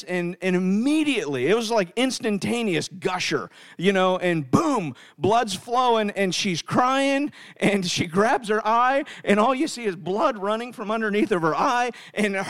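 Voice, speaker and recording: A man's voice: high voice, fairly bright tone. A middle-aged man preaching a sermon and telling a family story, speaking emphatically and often repeating words as he starts sentences. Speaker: pastor.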